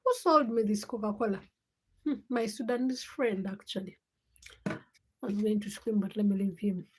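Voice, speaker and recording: A woman's voice: mid-range voice, fairly even intonation, normal speed, darkish tone, a little hiss or hum. A young woman hosting a casual late-night livestream, chatting and teasing viewers by name as she reads their comments. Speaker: livestream host.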